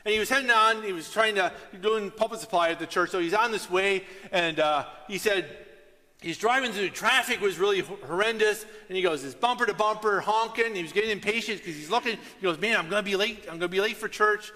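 Animated preaching man, bright, echoing hall. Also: sits high, fairly quick. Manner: storytelling, animated with sudden loud outbursts. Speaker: pastor. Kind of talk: sermon. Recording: long hall reverb.

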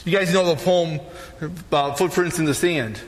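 A man's voice: on the high side, normal speed, big-room sound. A man preaching a casual sermon as pastor, talking conversationally and often checking in with "right?".

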